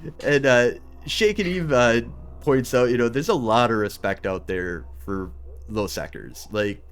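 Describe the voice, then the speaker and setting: A man hosting a podcast, chatting casually and excitably, laughing and acting out little scenes. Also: medium pitch, measured pace, slight background noise. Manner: excitable, laughs, acts out quotes. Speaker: podcast host. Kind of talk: casual interview chat.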